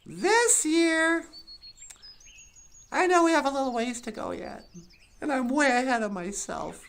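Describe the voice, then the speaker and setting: Someone doing a giggly, high-voiced cartoon woman. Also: expressive, unhurried, fairly bright tone, full character voice. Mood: musing. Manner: rambling, giggly, musing aloud. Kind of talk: puppet show monologue.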